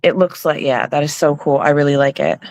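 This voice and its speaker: A woman's voice: low-pitched, fairly quick, darkish tone, no room sound. A tired woman guest on a live nail art stream, chatting in a bubbly, rambling, self-deprecating way. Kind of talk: casual live-stream chat.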